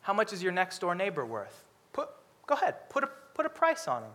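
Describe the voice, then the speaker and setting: A man preaching a sermon, lively and humorous, acting out characters with comic voices. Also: high voice, moderate pace.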